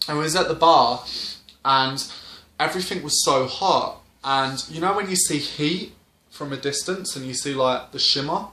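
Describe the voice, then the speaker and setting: A man's voice: mid-range voice, bright, forceful tone. Rambling man in a roomy room. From Britain. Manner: rambling, lots of fillers and restarts. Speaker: vlogger. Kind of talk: casual storytelling to camera. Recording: roomy indoor echo.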